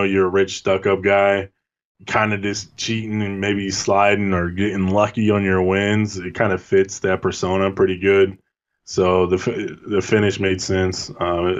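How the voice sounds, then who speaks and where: A man's voice: fairly low pitch, muffled recording. A man co-hosting a casual podcast, giving blunt, laid-back opinions and laughing often. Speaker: podcast co-host. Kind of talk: casual chat.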